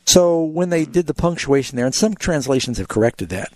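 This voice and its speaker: A man hosting a call-in Bible answers radio show, calmly explaining scripture to callers and telling short anecdotes. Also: a little high, no room sound. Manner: explanatory, tells anecdotes, measured.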